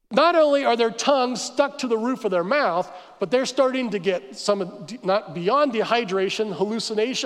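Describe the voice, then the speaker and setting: A man preaching a sermon as pastor, telling the story with animated asides and acting out the crowd's complaints. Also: very high voice. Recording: church hall reverb.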